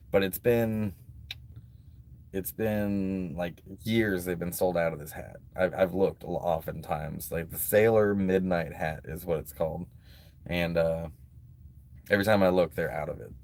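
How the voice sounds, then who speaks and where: A man's voice: low-pitched, vocal fry, darkish tone. A man chatting casually on a live stream from a beach, rambling and laid-back with lots of "like" and "um". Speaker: livestreaming vlogger. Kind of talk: casual live-stream chat reading donations. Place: at a beach, outdoors.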